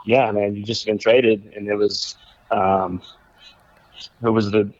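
A man, a former baseball pitcher, casually telling a rambling story in conversation, laughing now and then. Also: little pitch movement, slow pace, darkish tone, no room sound, lo-fi sound. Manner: laid-back, rambling, laughs while telling stories.

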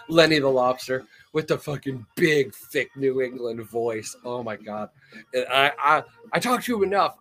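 A man's voice: mid-range voice, a bit bright. A man hosting a podcast, telling a rambling, profane story in casual chat and laughing often. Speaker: podcast host.

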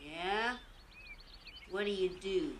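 An actress playing a foul-mouthed old farm woman who is furious and crazed, with loud, threatening speech in film dialogue. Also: medium pitch, slow pace, slight background noise, close to an everyday voice. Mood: scolding.

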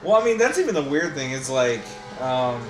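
A man's voice: medium pitch, very animated, a little fast, over music. A young man talking casually about work, ranting and swearing. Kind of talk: casual podcast chat. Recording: echoey room, faint noise.

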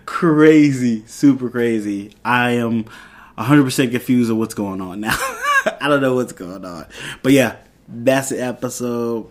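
Brief: young adult male podcast host, loose rambling episode recap, quotes characters' lines casually. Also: medium pitch. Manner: retells scenes with quoted dialogue, loose and rambling.

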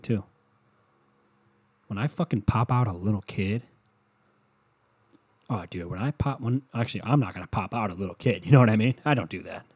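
A man's voice: fairly low pitch, darkish tone. A man delivering a rambling, profane comedic rant that swings into mockery.

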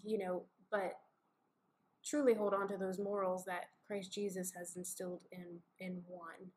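A mother talking earnestly and reflectively in a casual faith conversation, acting out little scenes as she goes. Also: medium pitch. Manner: earnest, reflective, acts out quotes vividly. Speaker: mother and co-host of a family faith podcast.

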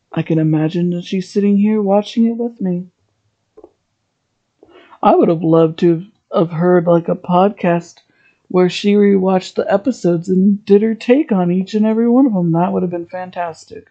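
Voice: medium pitch, mellow, muffled recording. A podcast host giving a heartfelt, rambling solo monologue.

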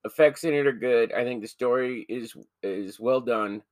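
A man's voice: mid-range voice, normal speed. Goofy, swearing male podcast host. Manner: goofy, swears casually, laughs often. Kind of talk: casual podcast banter.

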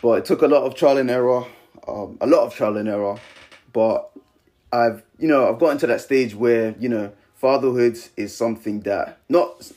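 A man's voice: medium pitch, moderate pace. A young man in his twenties, a podcast co-host telling a personal story in casual chat, acting out quotes with many fillers. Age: 20s. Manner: animated storyteller, acts out quotes, frequent fillers.

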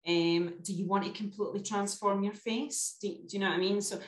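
A woman talks as a podcast guest, chatty and storytelling, checking in with her listener as she goes. Her voice sits at a middle pitch. The recording is roomy, with a clear echo around her. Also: fairly even intonation, fairly quick. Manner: chatty storyteller, often adds "do you know what I mean". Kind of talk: casual chat.

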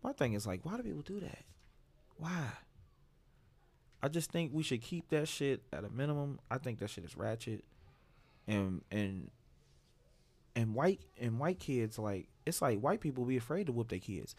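A man telling a casual story among friends, animated and profane, breaking into high-pitched impressions. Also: moderate pace, pauses often, slightly rough.

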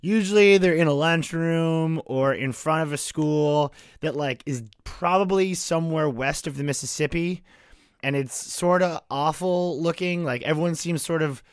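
Young guy on a podcast, kinda high voice, dry close mic, sarcastic chatty storytelling, faint music under. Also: normal speed, clean tone, no room sound. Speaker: podcast co-host. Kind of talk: casual chat.

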